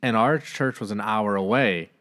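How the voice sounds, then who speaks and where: A man's voice: fairly low pitch, moderate pace, fairly bright tone. A man, a pastor, recalling his training years in a casual, chatty conversation. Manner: chatty, many "like" fillers. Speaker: pastor and podcast co-host.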